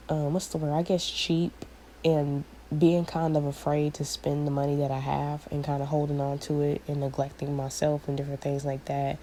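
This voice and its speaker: This dark-toned, low-sitting female voice comes through a rough recording with a little hiss or hum. She's hosting her own channel with a prophetic message, chatting loosely, fumbling for words, packing in fillers, and addressing everyone as y'all in easygoing spiritual vlog style.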